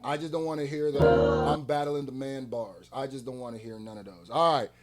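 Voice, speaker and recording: A man's voice: mid-range voice, lively intonation, fast talker. A man hosting a music reaction video, ranting hard with heavy profanity. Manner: heated, profane ranting, often loud. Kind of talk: reaction commentary.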